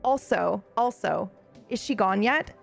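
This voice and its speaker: Female streamer, bubbly chatty delivery, mid-range voice over soft background music. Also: medium pitch, lively intonation, unhurried, gravelly. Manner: bubbly, giggly, chatty with asides to chat. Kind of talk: casual live-stream chat.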